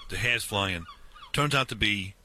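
A man in his fifties casually telling a long story, animated and full of restarts, acting out the dialogue. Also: fairly low pitch, measured pace, a little hiss or hum.

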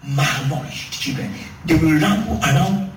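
Lively preacher in an echoey hall. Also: male voice, a little high, a little slow. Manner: animated storytelling, laughing asides. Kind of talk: sermon. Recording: roomy hall, distant mic, faint music.

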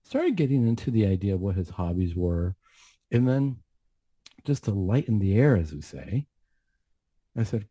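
On a talk show, a man who works as a mental health counselor shares a sincere, thoughtful account of his faith, full of asides. He speaks at a normal speed in a lowish, husky, dark voice with big swings in pitch, recorded dry.

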